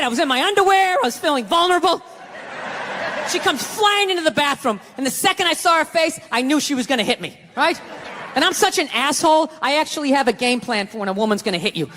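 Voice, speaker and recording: A man's voice: very high voice, pushed and bright, slight background noise. A man doing a stand-up comedy routine, telling a story as a profane, ranting storyteller. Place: theater stage before a live audience. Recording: echoey hall with crowd laughter.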